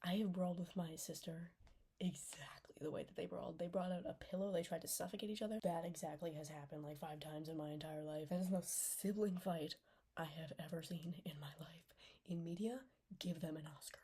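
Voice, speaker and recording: A young woman reviewing a TV series talks a little fast in a low, mellow, slightly rough voice with a steady tone. Her recap rambles, is packed with "like," and often drops to a whisper.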